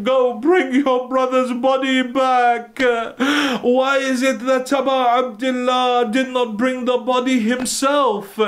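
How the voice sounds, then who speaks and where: A sheikh delivering an impassioned, tearful mourning sermon, breaking into cries as he recounts the story. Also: extremely high pitch. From United Kingdom.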